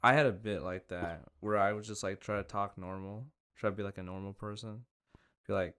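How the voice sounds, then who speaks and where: A man co-hosting a casual comedy podcast, playful and teasing, quick to laugh. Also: lowish voice, steady tone, a bit bright, smooth. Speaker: podcast co-host.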